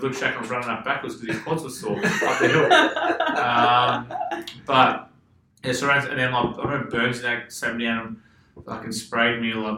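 An Australian man rambles through stories in a relaxed chat, swearing and laughing as he goes. His voice is very bright and forward, and it bounces around an echoey room. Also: medium pitch, fairly quick. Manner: swears freely, laughs a lot, loose rambling anecdotes. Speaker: podcast guest, former footballer. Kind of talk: casual chat, storytelling.

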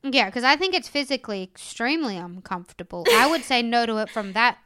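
Crisp bright-voiced young woman, dry wit. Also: a little high, animated, fairly quick. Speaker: podcast co-host. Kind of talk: casual chat.

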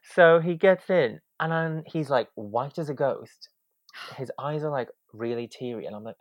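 A man's voice: mid-range voice, normal speed, dry recording. A young man, a podcast guest, telling a story animatedly and acting out the quotes with drama. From Wales. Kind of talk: casual storytelling.

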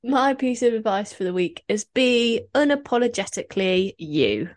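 A young woman co-hosts a podcast, chatting casually with an easygoing, teasing manner and laughing readily. Her voice sits on the high side with a sing-song lilt, and the recording has no room sound.

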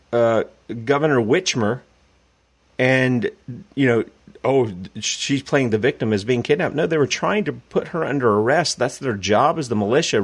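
An indignant man hosts a political radio talk show in a ranting, emphatic way. His voice sits at an ordinary middle pitch, neither high nor low. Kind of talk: political commentary.

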